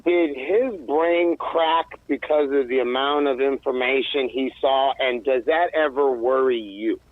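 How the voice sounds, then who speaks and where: A man's voice: mid-range voice, unhurried, no room sound. A man in casual chat, asking rambling, hesitant questions. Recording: tinny phone-like line.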